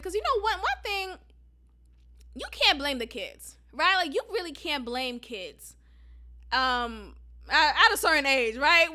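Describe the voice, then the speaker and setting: A young woman hosting a solo podcast, talking bluntly and profanely, getting animated and breaking into laughter. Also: high voice. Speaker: podcast host. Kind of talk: casual solo podcast monologue.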